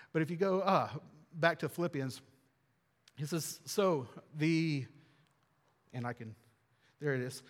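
Earnest pastor preaching in a reverberant hall. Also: male voice, high voice. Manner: earnest and conversational, with repetition and emphatic rises. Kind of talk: sermon.

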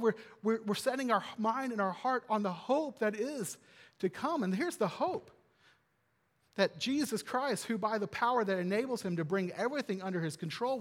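Earnest pastor preaching in a reverberant hall. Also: male voice, sits high. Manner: earnest and conversational, with repetition and emphatic rises. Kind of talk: sermon.

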